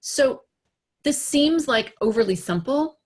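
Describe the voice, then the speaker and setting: A woman executive coach giving a motivational talk to camera, animated and conversational, asking rhetorical questions and acting out quoted remarks. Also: high-pitched, slow pace. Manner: acts out quoted remarks in livelier voices.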